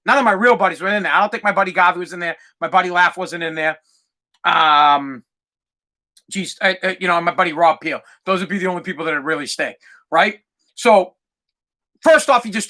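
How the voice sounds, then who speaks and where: A podcast host tells a story in a casual, rambling way, swearing freely. His voice sits high for a man. It has a bright, forceful edge. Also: a little fast. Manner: profane, animated, rambling.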